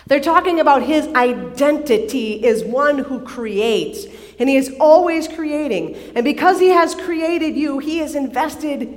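A woman preaching a sermon to a live audience, animated and playful, often asking the listeners questions. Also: high-pitched. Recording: long hall reverb from a live service.

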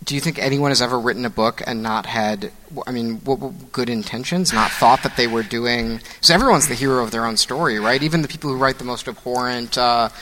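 A man's voice: medium pitch, brisk, few pauses, pushed and bright, a little hiss or hum, rough recording. A man joining a discussion, speaking conversationally and hesitantly as he plays devil's advocate. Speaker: discussion partner.

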